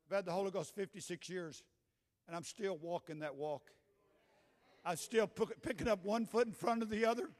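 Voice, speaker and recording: A man in his sixties with a Southern US accent, preaching a Pentecostal sermon as pastor, moving from quiet storytelling to shouted preaching in a church. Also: sits high, moderate pace. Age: 60s. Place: church sanctuary. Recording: echoey hall with long reverb.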